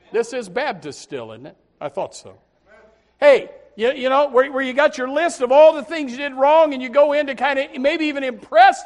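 Animated preacher with a high voice. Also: male voice. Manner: animated, swings between low asides and loud pleading; repeats words when starting phrases. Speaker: Baptist preacher. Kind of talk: sermon.

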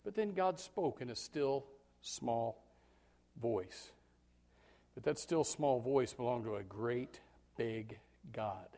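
A middle-aged male pastor preaching a sermon, animated, swinging from loud bursts to hushed tones. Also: mid-range voice, slow pace, pauses often. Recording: long hall reverb.

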